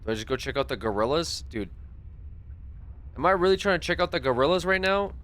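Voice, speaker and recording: A man's voice: on the high side, animated, brisk, fairly bright tone. A man streaming a game live, talking back to his chat in an exasperated, swearing rant. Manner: frequent swearing. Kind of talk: live gaming stream commentary.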